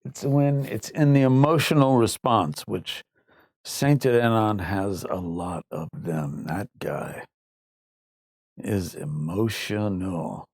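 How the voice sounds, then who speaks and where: A man's voice: fairly low pitch, slow, darkish tone, dry recording, studio quality. A man hosting a casual livestream, rambling and reading out viewer comments. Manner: rambling, conversational, drops into mock voices. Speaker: livestream host.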